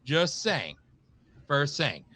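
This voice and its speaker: A man's voice: on the high side, very animated, extremely slow, bright, forceful tone, no room sound. A man co-hosting a radio talk show, griping bluntly and wryly with frequent swearing. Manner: blunt, profane, wry griping. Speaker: co-host. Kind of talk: casual political chat.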